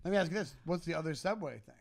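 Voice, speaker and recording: A man co-hosting a casual podcast, firing off quick-witted interjections and questions. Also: a little high, lively intonation, vocal fry, no room sound. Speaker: podcast co-host. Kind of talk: casual chat.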